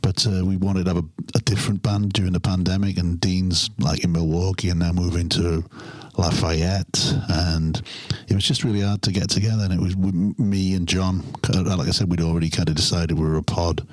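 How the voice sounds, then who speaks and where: A man's voice: low voice, little pitch movement, a little fast, few pauses, no echo. A man from England, a musician, chatting in an interview, rambling and restarting his sentences with chuckles. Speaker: musician guest. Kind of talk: casual interview chat.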